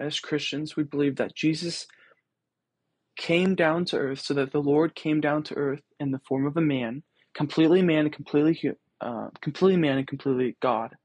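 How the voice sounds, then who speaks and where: A man's voice: fairly high pitch, breathy edge, no echo. A young man hosting a podcast, reflecting on scripture in a casual, earnest way with many ums and restarts. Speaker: podcast host.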